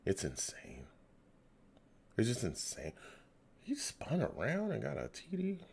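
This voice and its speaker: A man's voice: medium pitch, huge pitch swings, measured pace, gravelly, a little mellow, husky. A man hosting a live fan reaction show, talking casually and sounding exasperated. He sighs, repeats himself and drops to a near whisper. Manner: exasperated, sighing and muttering.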